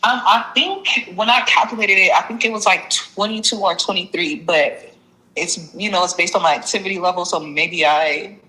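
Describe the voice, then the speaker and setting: A person with a very bright, tense voice, talking as a client in a coaching session. They hesitate, restart and trail off, sounding unsure of themselves. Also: medium pitch, normal speed, rough recording. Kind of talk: candid conversation.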